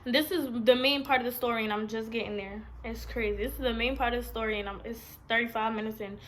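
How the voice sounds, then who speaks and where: A woman's voice: on the high side, fairly even intonation, fast, a little hiss or hum. A woman, telling a long personal story in a blunt, rambling, profane storytime vlog. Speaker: vlogger.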